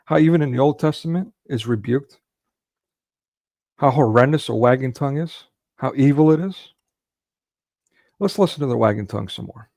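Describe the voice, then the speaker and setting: A man's gravelly, creaky voice, recorded dry and close. He delivers an indignant commentary rant, firing off rhetorical questions as he reacts to clips. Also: mid-range voice, lively intonation, moderate pace, pauses often, a little mellow, no echo. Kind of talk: heated commentary monologue.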